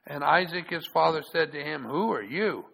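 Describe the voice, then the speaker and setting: Pastor guy, gravelly, stops n repeats himself, reads bible passages loud. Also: on the high side, animated, poor audio. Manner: halting, repeats words, reads scripture aloud in a raised voice. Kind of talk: sermon with scripture reading.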